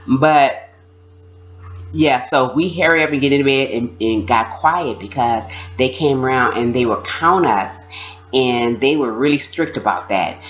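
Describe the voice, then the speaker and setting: A woman recalling her time in prison in casual storytelling, animated, often laughing and imitating other people. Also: a bass voice, highs cut off. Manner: animated, mimics voices, laughs while telling. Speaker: former prisoner sharing experiences.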